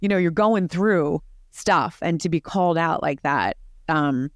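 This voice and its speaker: Brief: middle-aged woman guest, animated storyteller, filler-heavy, dry close sound. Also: low-pitched, measured pace, dry recording. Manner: animated, lots of "like" fillers and restarts. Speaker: podcast guest. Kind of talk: personal storytelling in conversation.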